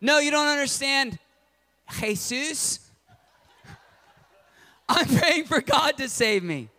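A man's voice: extremely high pitch, animated, slow pace, pushed and bright, pitched above the performer's own voice, heavily acted. A man voicing a desperate, frantic man stranded in a flood, pleading and praying to be saved.

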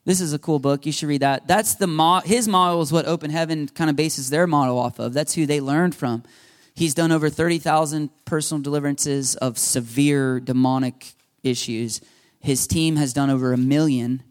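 A man preaching a sermon as pastor, lively and animated, acting out the voices he quotes. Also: on the high side, moderate pace.

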